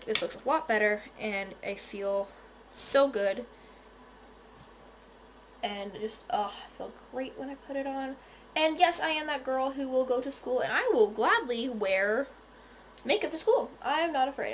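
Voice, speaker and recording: A woman's voice: high-pitched, slight background noise. A fourteen-year-old girl from North Carolina chatting casually while doing her makeup, rambling with lots of restarts and quoted asides, filmed on a phone in her bedroom. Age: teens. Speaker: beauty vlogger. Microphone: phone camera.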